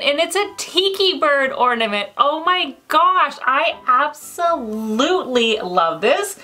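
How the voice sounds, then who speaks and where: A woman chatting to viewers while unboxing, gushing and excitable and squealing with delight. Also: sits high, unhurried, hardly any pauses. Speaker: unboxing vlogger. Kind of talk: casual unboxing chat to viewers.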